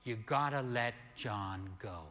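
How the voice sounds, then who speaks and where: An older male pastor tells a story in a slow, deliberate sermon voice that sometimes surges loud. His tone is bright and forward. The sound hangs in a long hall reverb. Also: medium pitch. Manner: slow, animated storytelling with sudden loud peaks.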